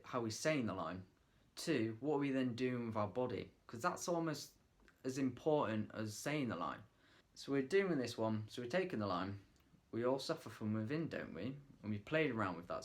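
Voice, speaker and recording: A man talking casually to camera, giving acting tips in a loose, chatty way with lots of fillers, trying out lines in different ways. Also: mid-range voice. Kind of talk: casual vlog tutorial.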